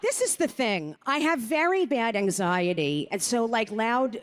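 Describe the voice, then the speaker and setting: A woman stand-up comedian delivering blunt, deadpan bits with sudden shock punchlines. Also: on the high side, a little slow, a little hiss or hum. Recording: live comedy show with audience. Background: audience.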